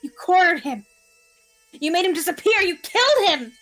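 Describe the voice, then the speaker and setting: A woman's voice: high voice, animated, a little slow, fairly bright tone, faint music behind, pitched above the performer's own voice. Woman voicing a cruel, taunting young torturer. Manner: taunting, sneering, laughing. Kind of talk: dramatic reading of a visual novel.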